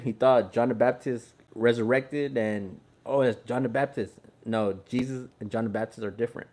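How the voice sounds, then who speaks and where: A man's voice: medium pitch, a little mellow. A man from Texas, reading the Bible aloud in a laid-back, chatty way and explaining it as he goes. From Houston, Texas. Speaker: Bible reader. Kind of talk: casual Bible reading with commentary.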